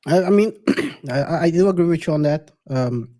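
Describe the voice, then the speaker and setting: A man's voice: fairly high pitch, animated, normal speed, warm tone. A man co-hosting a casual discussion show, cutting in with laughing asides. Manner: interjecting, laughing asides, apologetic. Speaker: podcast co-host. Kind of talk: casual chat.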